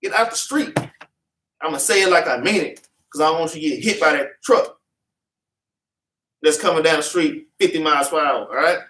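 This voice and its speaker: A man's voice: fairly high pitch, fairly quick, long pauses, pushed and bright, slight background noise. A man teaching a Bible class, preaching with fervent, repetitive street talk and having scripture read back to him. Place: meeting room with congregation. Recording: echoey room, mic at a distance.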